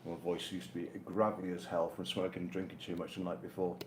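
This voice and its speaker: A man's voice: sits low, level tone, fast. An older man co-hosting a casual live stream at home, bantering with a dry, teasing manner. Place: home in Spain. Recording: roomy with faint noise.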